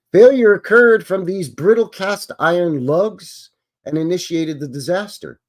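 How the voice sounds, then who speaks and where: Stream host, male, middle-pitched and animated, reads text then drops dry self-mocking asides. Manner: wry, self-deprecating asides between read passages. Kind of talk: reading aloud with offhand commentary.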